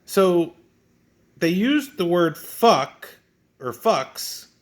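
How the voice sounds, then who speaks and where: Sneering guy trashing a comic book, slow drawl, bit high voice, swears a lot, keeps stumbling over his words. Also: very animated. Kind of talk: mocking comic book review.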